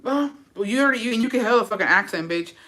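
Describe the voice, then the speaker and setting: A woman's voice: on the high side, animated, rapid-fire, fairly bright tone. A woman reacting to viewer comments in blunt, profane, sassy casual chat, repeating points for emphasis.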